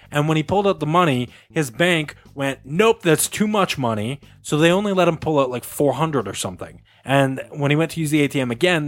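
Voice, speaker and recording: A man's voice: on the high side, no room sound. A man hosting a casual podcast, telling a long story with laughs and acted-out quotes. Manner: rambling, laughing, acts out quotes. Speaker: podcast host.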